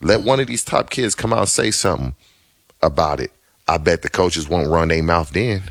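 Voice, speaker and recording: A man with a very deep voice argues on a sports talk show. He hammers his points with repetition and stays forceful through back-and-forth debate. The sound is dry and close, with no room echo. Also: moderate pace. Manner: emphatic, argumentative, repeats his points. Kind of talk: heated casual sports debate.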